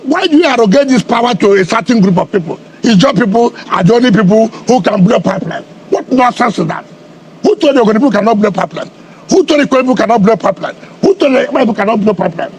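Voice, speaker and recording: A man's voice: extremely high pitch, lively intonation, fast talker, breathy edge. A middle-aged man from Nigeria, a politician answering in a heated media interview, combative and repeating his questions for emphasis.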